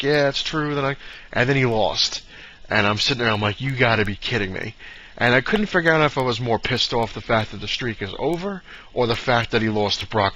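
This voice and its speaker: A man's voice: medium pitch, pushed and bright, highs cut off. A man ranting casually in a vlog, rambling with many fillers and restarts. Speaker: vlogger.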